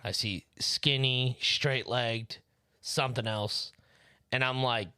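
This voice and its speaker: A man's voice: mid-range voice, fairly even intonation, slow, sharp tone, smooth, no echo. Man telling profane stories, dry sound. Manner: storytelling, teasing, heavy swearing. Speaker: podcast co-host. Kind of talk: casual profane podcast banter. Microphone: podcast microphone.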